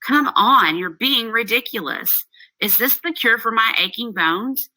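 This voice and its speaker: A woman's voice: fairly high pitch, expressive, unhurried, bright, forceful tone, no room sound, full character voice, low-quality recording. A woman reading the part of a fussy, teasing old nurse aloud from the text in a classroom play reading. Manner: reads aloud plainly from the text.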